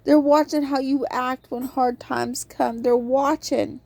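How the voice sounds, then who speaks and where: A woman's voice: sits high, fairly even intonation, unhurried, creaky, darkish tone. A woman hosting a podcast, giving a casual devotional talk on a Bible book and acting out quotes in an earnest storytelling tone.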